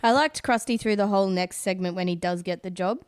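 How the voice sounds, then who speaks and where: Relaxed woman on a dry podcast mic. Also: mid-range voice, a little fast, smooth, no echo. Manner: relaxed, brief reactions. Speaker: podcast panelist. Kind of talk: casual chat.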